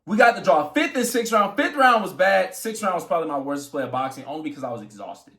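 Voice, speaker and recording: Young male boxer, a little high-pitched, echoey room, animated storytelling with swearing. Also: fast talker. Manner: animated, swearing, acts out quotes. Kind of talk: casual storytelling vlog.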